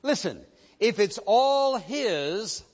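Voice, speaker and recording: A middle-aged man preaches in a large church, his voice pitched high and carrying into a long reverb. He leans on slow, emphatic repetition to drive each point home. The recording sounds dull and muffled. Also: very animated. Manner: emphatic preaching with drawn-out repeated phrases. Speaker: pastor. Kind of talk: sermon.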